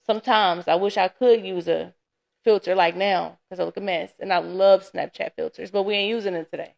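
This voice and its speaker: A woman's voice: medium pitch, fairly even intonation, brisk, creaky, darkish tone. A woman hosting a casual solo podcast, chatty and candid, sounding tired and laughing often. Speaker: podcast host. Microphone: camera.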